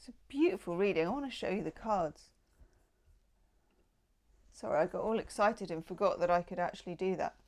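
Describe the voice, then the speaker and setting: A woman's voice: fairly low pitch, brisk, pauses often, darkish tone. A woman giving a tarot reading in a casual, enthusiastic and affectionate way, with chatty asides. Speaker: tarot reader.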